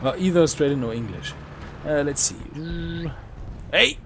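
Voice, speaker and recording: A young man chatting through a live game stream, rambling about his play and breaking into sudden excited shouts. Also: a little high, moderate pace, background noise. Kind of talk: live gameplay commentary.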